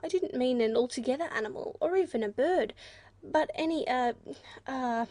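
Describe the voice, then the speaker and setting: A woman's voice: high-pitched, lively intonation, moderate pace, dark tone, dry recording. A woman voicing a kind, fretful mother kangaroo in a storybook reading, polite and a little anxious. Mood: pleading.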